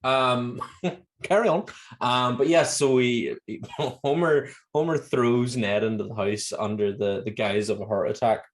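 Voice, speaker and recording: A Northern Irish man co-hosting a podcast in casual chat, laughing often and acting out lines in high voices. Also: steady tone, a little slow. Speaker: podcast co-host.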